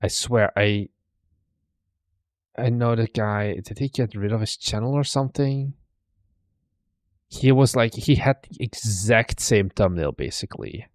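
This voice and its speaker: A man's voice: lowish voice, unhurried, pauses often, dry recording. Chatty man roasting setups, dry close sound. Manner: chatty, teasing, thinks aloud. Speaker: streamer host. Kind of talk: casual commentary reacting to videos.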